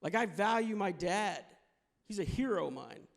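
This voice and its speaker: A man's voice: high voice, expressive, normal speed, gravelly. A man performing a stand-up comedy set on stage, laughing at his own jokes and acting out the voices of people he quotes. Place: comedy club stage with audience. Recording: audience laughter and noise in room.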